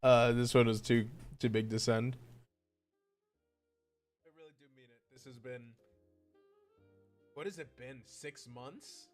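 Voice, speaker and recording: A man's voice: medium pitch, steady tone, unhurried, long pauses, faint music behind. A young man chatting casually on his livestream, rambling and heartfelt, with lots of restarts. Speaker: VTuber streamer.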